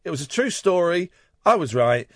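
A man hosting a late-night radio phone-in in a studio, playful and mocking and quick to slip into silly voices. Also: fairly high pitch, big pitch swings, dry recording. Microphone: studio microphone.

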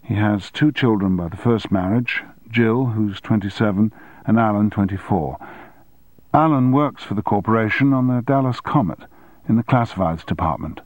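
A man's voice: lowish voice, moderate pace, no room sound, natural voice. A man voicing an efficient woman assistant who reports facts in a matter-of-fact way. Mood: businesslike. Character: efficient female personal assistant.

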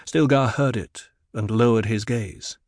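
A man narrating a novel in an even, descriptive reading. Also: mid-range voice, measured pace, no room sound, studio quality. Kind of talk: audiobook narration.

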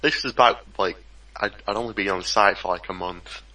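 A man's voice: on the low side, a little fast, pushed and bright, poor audio. A man co-hosting a casual podcast, dry and teasing, often trailing off mid-sentence. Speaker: podcast co-host.

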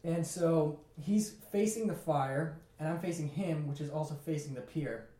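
A young man casually telling a story in a lively way, acting out what people said. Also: on the high side, normal speed. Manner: animated, laughing, acts out quotes. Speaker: podcast co-host telling a story. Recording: echoey room.

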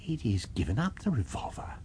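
A man reading a nervous doctor who speaks hesitantly and in a hushed way. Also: mid-range voice, very animated, a little slow, slight background noise, pitched above the performer's own voice. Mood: uneasy. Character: nervous male doctor, uneasy.

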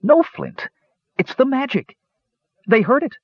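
An excitable childlike kender. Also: male voice, a little slow, no room sound, muffled recording, full character voice. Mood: urgent. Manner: breathless, high, eager exclamations. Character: excitable small male kender, childlike, eager.

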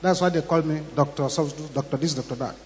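A man with a Ghanaian English accent preaching a sermon, telling a story dramatically, acting out the voices in it and rising to shouts. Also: fairly high pitch, fast, slight background noise. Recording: long hall reverb.

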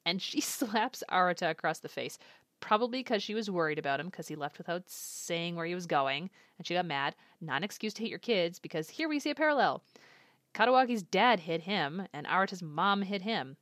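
A woman's voice: on the low side, lively intonation, a little fast, fairly bright tone, no room sound, clean studio sound. A woman giving casual reaction commentary on an anime episode, thinking aloud and guessing what comes next. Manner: chatty, speculative, thinking aloud.

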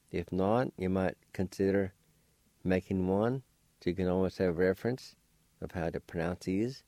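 A man hosting a radio language lesson, spelling out words syllable by syllable in a slow, deliberate way. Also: sits low, mellow, no room sound. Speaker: language teacher and radio host.

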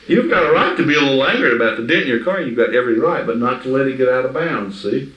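A man's voice: medium pitch, lively intonation, fast, few pauses, heavy background noise. A man giving informal Bible teaching to a small group, talking in a conversational, emphatic way and often checking that his listeners understand. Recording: echoey room, mic from afar.

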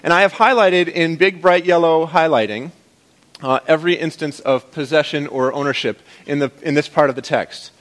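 A man's voice: a little high, normal speed, fairly bright tone. A man as pastor, preaching to his congregation in a conversational, playful way. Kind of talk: sermon.

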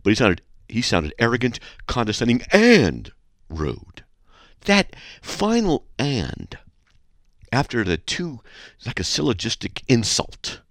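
A man hosting a radio show, reading listener mail aloud with sarcastic, animated commentary and frequent throat clearing. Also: mid-range voice, a little slow, dry recording, studio quality.

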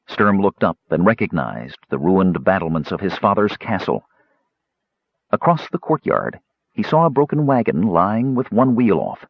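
A man narrates an audiobook with a low, husky voice that moves up and down expressively. He reads slowly and dramatically. The recording is dry and a little muffled. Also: no room sound. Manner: measured, dramatic.

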